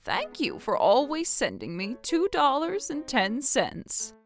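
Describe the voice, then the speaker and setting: A woman voicing a gentle, grateful grandmother who speaks slowly and kindly. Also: high voice, huge pitch swings, gravelly, faint music behind, exaggerated voice. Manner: slow, kindly.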